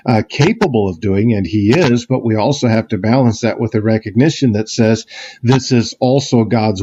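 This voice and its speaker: A man's voice: mid-range voice, warm tone, dull audio. A man preaching a sermon as pastor, reflective and conversational, with many fillers and restarts. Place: church sanctuary.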